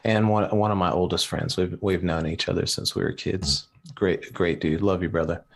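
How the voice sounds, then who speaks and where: Low-voiced laid-back male co-host. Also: fairly even intonation, vocal fry. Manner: laid-back, earnest, halting. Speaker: podcast co-host. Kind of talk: casual livestream podcast chat.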